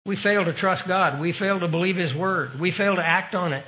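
A man's voice: sits high, moderate pace. A man preaching a sermon in an emphatic style, asking the audience rhetorical questions. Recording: dull lo-fi recording.

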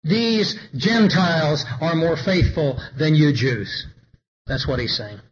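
A man's voice: a little high, slow pace, muffled recording. A man preaching a sermon, reading scripture aloud and rising into emphatic declamation. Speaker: pastor.

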